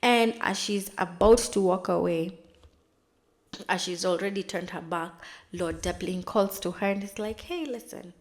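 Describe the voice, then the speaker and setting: A woman's voice: on the low side, fairly even intonation. Woman host, casual recap commentary, chatty storytelling delivery. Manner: chatty, retells scenes with quick dramatized asides. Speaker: TV recap vlogger.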